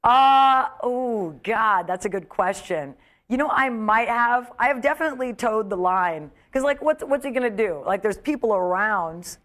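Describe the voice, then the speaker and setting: Animated woman comic telling stories. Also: fairly high pitch, normal speed. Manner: animated storyteller, acts out quoted voices. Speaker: comedian guest. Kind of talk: casual chat. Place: studio of an internet talk show.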